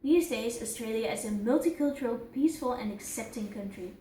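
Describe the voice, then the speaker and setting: A woman's voice: a little high, fairly quick, mellow. A woman reading the closing part of a school presentation steadily from a script. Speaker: student presenter. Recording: roomy echo with faint noise.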